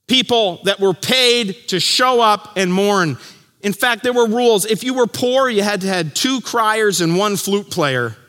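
A man with a high, bright voice preaches a sermon from the pulpit. He tells the story vividly, acting out the people in it and dropping to a hush for the key lines. His voice rings with the long reverb of a church hall. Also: a little slow. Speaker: pastor.

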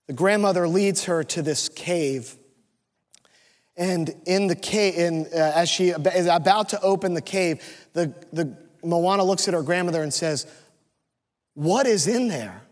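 High-voiced pastor preaching in a reverberant hall. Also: male voice, normal speed. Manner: emotional, earnest storytelling. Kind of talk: sermon. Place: church sanctuary. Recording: long reverb of a church hall.

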